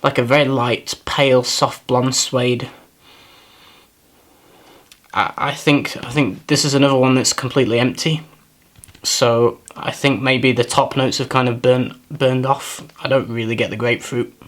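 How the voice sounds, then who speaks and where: A man's voice: medium pitch, flat delivery, measured pace. A man giving a casual, first-impressions review of perfumes, talking in a thoughtful, hesitant way, often repeating words as he searches for them and apologizing for himself. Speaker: fragrance reviewer.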